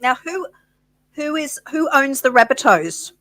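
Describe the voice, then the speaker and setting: A woman with an Australian accent co-hosts a relaxed live chat. She sounds chatty and encouraging, and her voice is fairly high. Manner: chatty, encouraging, quick to laugh. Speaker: co-host. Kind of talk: casual live-stream chat.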